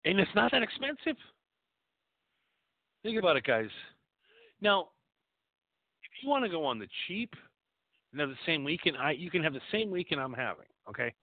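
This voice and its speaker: A man's voice: on the high side, normal speed, pauses often, no room sound, narrow, tinny audio. A man hosting a call-in show, talking crudely and rambling. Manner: profane, rambling and animated. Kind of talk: crude casual call-in talk.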